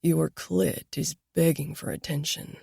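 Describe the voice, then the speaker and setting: A woman voicing a dominant, controlled young mafia man who murmurs and growls low. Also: takes it slowly, vocal fry, no echo, studio quality, exaggerated voice. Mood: commanding growl. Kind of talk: audiobook character voice.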